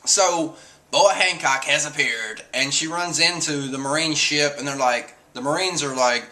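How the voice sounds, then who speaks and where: Male streamer, slightly high bright voice, chatty animated recap that slips into squeaky impressions. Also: a little slow. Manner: animated, laughs often, acts out lines in high squeaky voices. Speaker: manga chapter reviewer. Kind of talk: casual recap of a comic chapter.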